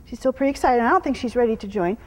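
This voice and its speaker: Woman horse trainer, higher voice, gentle. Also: rapid-fire, big-room sound. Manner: calm teaching voice, breaking into soft praise and hushed whispers to the horse. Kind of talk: live clinic demonstration, explaining while working a horse. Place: horse arena during a clinic.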